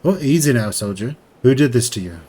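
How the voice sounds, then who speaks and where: A stern military captain who gives orders in formal, measured words, as a man reads him out. His voice sits in a middle register and moves expressively from low, weighty tones to sharper calls. There is a game-story formality to every line. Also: animated, mellow, breathy edge. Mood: concerned.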